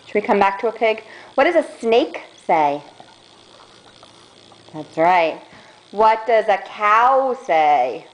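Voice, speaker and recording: A woman's voice: mid-range voice, sing-song, poor audio. A young mother talking to her toddler at home in coaxing, sing-song baby talk. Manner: sing-song, drawn-out questions.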